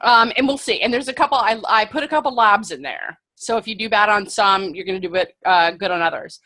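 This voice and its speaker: A young woman co-hosting a podcast and running a trivia game, teasing her partner with quick comebacks. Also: medium pitch, bright, forceful tone. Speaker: podcast co-host, trivia quizmaster. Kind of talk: casual chat.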